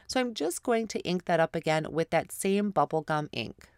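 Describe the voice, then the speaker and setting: A woman's voice: lowish voice, expressive, normal speed, smooth, no room sound, clean studio sound. A woman hosting a card-making tutorial, narrating each step with a stuffy nose from a head cold. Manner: apologetic, step-by-step explaining. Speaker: card-making channel host. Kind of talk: crafting tutorial voice-over.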